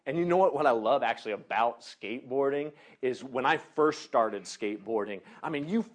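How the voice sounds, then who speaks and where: A man preaching a sermon, telling a lively personal story and then turning quiet and earnest as he preaches. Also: mid-range voice, moderate pace. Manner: animated storytelling, laughing, acting out voices.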